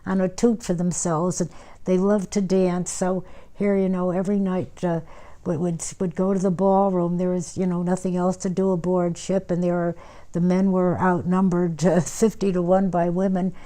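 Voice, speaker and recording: An older woman tells her memories with a low, dark, mellow voice that barely rises or falls. Her talk wanders, full of "uh"s, false starts and corrections. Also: little pitch movement, normal speed. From United States. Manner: rambling, many fillers and restarts. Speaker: interviewee, former nurse. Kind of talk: oral history interview.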